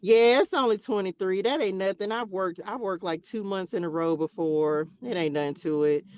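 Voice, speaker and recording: A woman's voice: medium pitch, normal speed, darkish tone. A woman in her forties, a nurse hosting a casual livestream, telling stories and talking straight to her viewers. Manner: chatty storyteller who keeps addressing viewers directly.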